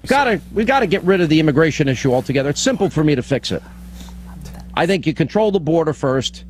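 A man's voice: a little high, sing-song, quick pace, slight background noise, rough recording. A man giving a firm talk radio monologue, stating his position in short, emphatic sentences. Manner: assertive, emphatic. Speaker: radio host.

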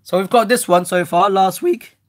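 A woman hosting a casual home unboxing vlog, chatty and excitable, who swears loudly when let down. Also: mid-range voice, moderate pace. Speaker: host.

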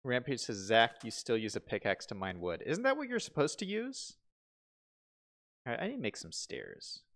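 A man's voice: medium pitch, wildly swooping pitch, normal speed, fairly bright tone. A man live-streaming a building game, chatting casually, asking himself questions and reading viewer comments aloud. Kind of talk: casual live-stream chat while playing.

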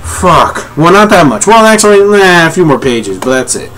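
A man reviewing a manga chapter as a live reaction, talking in an excitable, profane way and breaking into yells. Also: fairly high pitch, moderate pace. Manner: excitable, profane, yelling in bursts.

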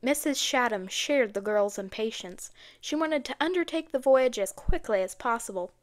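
A woman narrating an audiobook in a steady storytelling manner. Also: fairly high pitch, normal speed. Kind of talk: scripted narration.

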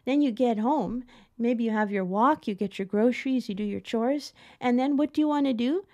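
A middle-aged woman teaching piano in a chatty, expressive way, often laughing as she explains. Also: fairly high pitch, normal speed, highs cut off. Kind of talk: casual spoken tutorial.

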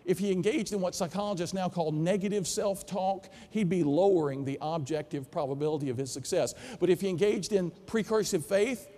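In a large conference hall, a high-pitched man with a Southern US accent, a philosophy professor, gives a storytelling keynote. He acts out the dialogue in his stories with animation.

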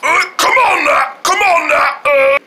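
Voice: high-pitched, measured pace, background noise. A children's show host talking in an upbeat, encouraging way to young viewers. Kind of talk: children's entertainment narration.

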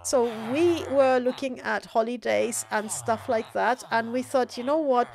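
A woman's voice: a little high, unhurried, creaky, darkish tone. Chatty woman streaming a game. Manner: chatty, rambling with fillers and restarts. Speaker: streamer host. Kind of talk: casual gaming stream chat.

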